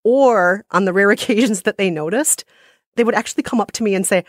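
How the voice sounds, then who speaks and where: A woman's voice: medium pitch, fairly quick, dry recording, studio quality. A woman co-hosting a chat show, telling stories in a playful, self-mocking way. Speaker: podcast co-host. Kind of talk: casual chat.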